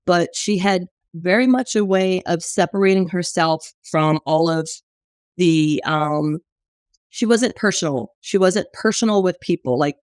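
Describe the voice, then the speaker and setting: A woman's voice: fairly low pitch, darkish tone, dry recording, studio quality. A woman from New Orleans, a business owner, telling stories openly and chattily in an interview. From New Orleans, USA. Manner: open and chatty, storytelling with fillers. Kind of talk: candid conversational interview.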